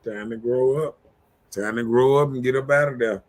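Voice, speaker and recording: A man's voice: mid-range voice, normal speed, a little mellow. A man hosting a casual live-stream chat, joking and laid-back as he talks. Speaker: show host.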